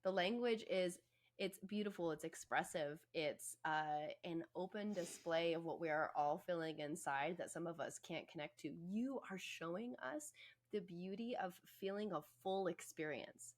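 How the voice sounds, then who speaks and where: A woman's voice: fairly low pitch, normal speed. Impassioned woman podcast host and therapist. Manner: impassioned, emphatic, swears freely. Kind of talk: podcast conversation.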